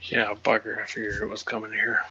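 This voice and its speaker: A man playing in a tabletop game, talking in a flat, matter-of-fact way. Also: on the low side, brisk, very noisy. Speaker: player. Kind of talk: casual tabletop play. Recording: dull lo-fi recording.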